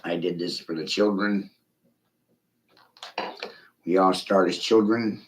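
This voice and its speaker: A man's voice: low voice, fairly even intonation, slow, slight background noise, rough recording. A middle-aged man ranting profanely in a rambling livestream monologue, speaking straight to a viewer.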